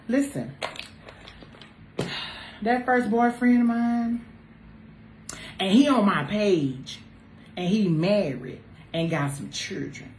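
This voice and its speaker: A woman on a talk show panel chatting casually with friends, animated and teasing, jumping between loud exclamations and low asides. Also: slow pace, pauses often. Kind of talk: casual group chat. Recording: roomy echo with faint noise.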